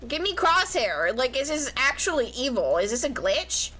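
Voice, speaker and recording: A woman's voice: sits high, big pitch swings, moderate pace, bright, forceful tone, soft background music. A young woman streaming live, chatting casually with her viewers in a whiny, playful way. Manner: whiny, playful, talks to chat.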